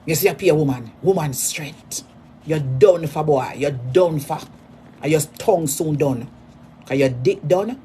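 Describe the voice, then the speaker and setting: A Jamaican woman drawls out a taunting rant at a rival, repeating her jabs and punching some of them out in sudden loud bursts. She speaks slowly and deliberately, with faint ambient noise behind her. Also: low voice. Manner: mocking, repetitive, insults in sudden loud bursts. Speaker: social media personality.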